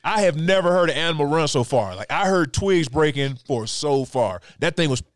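Guy hosting a podcast, tells stories loud and lively, cusses a lot, dry close sound. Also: on the high side, normal speed, dry recording. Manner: animated storyteller, swears freely, acts out sounds. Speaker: podcast host. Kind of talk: casual storytelling chat.

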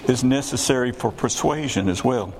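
Older preacher in an echoey hall. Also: male voice, medium pitch, normal speed. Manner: conversational, asks the congregation rhetorical questions. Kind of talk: sermon. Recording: echoey hall with clear background hiss.

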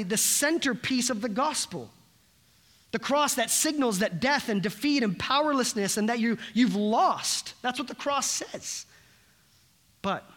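A young pastor with a notably high voice delivers a sermon. He speaks earnestly and drives his points home with rising, repeated phrases. He sounds like he is in front of a congregation. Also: fairly bright tone. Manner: earnest preaching with rising emphatic repetitions.

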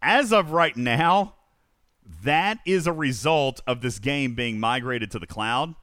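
Animated man hosting a casual livestream. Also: mid-range voice, takes it slowly, dry recording, clean studio sound. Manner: animated, rambling, reads out chat questions. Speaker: livestream host answering chat questions.

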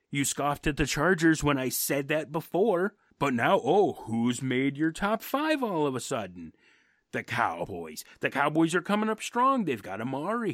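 A man's voice: medium pitch, no room sound, studio quality. A man co-hosting a football podcast, ranting his opinions in a brash and profane way. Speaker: podcast co-host. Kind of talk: casual sports podcast rant.

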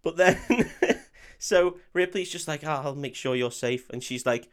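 Co-host, man, slightly higher voice, loose sweary film-recap banter, plenty of laughter. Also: unhurried. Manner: sweary, laughing, acts out quoted lines. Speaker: podcast co-host. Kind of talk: casual film recap chat.

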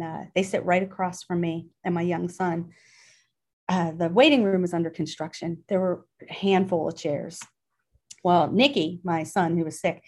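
A woman's voice: on the low side, darkish tone. Earnest middle-aged woman telling a story. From Pittsburgh, Pennsylvania. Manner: earnest, emotional, with many fillers and restarts. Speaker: interview guest. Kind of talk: personal storytelling in an interview.

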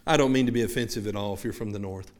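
Speaking rapid-fire in a lowish voice, this Southern pastor delivers a sermon to his congregation with a Southern accent. He frequently restarts words and breaks off with asides directed at the listeners.

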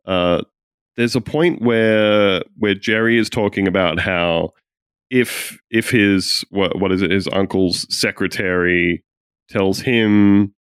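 Low-voiced man rambling through restarts. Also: fairly even intonation, slow, a bit bright, clear, resonant tone, no room sound, clean studio sound. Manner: rambling, restarts mid-thought. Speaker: podcast co-host. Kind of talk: casual chat about a TV episode.

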